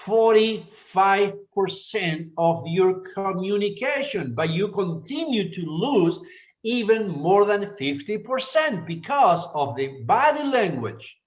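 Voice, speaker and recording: A man in his sixties, a pastor from Argentina, teaching a church seminar in an unhurried, repetitive way. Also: high voice. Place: church hall. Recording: echoey church hall.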